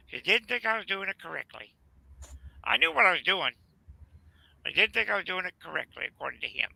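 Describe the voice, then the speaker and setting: Gravelly bright-voiced Southern man. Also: high-pitched, sing-song, dry recording, rough recording. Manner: rambling, halting, many fillers. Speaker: channel host. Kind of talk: casual storytelling chat.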